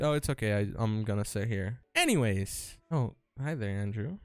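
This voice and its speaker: A man commentating his own gameplay, excitable and nervous, laughing and stammering through restarts. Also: mid-range voice, moderate pace, smooth, no echo, faint music behind. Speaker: gaming YouTuber. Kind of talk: let's-play commentary.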